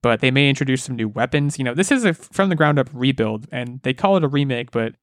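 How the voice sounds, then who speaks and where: A man's voice: medium pitch, quick pace, no echo, studio quality. A man co-hosting a casual podcast, talking eagerly and rambling with restarts. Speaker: podcast co-host, game expert.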